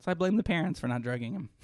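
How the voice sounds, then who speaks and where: A man co-hosting a podcast, an animated, jokey storyteller who sounds exhausted. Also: fairly high pitch, dry recording, studio quality. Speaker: podcast co-host. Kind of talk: casual chat.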